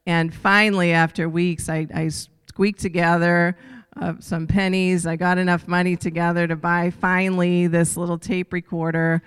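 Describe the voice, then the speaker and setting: A group leader shares a quick personal story in a loose, chatty way. The voice is very smooth and stays level. It carries a long reverb, as if in a large hall. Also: mid-range voice. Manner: informal, with many fillers and small laughs. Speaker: group leader closing a meeting. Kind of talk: casual faith talk.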